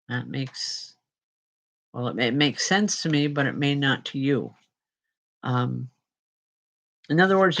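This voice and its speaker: A tired woman medium giving live spirit readings to viewers, chatty and unhurried with frequent restarts. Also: deep voice, lo-fi sound.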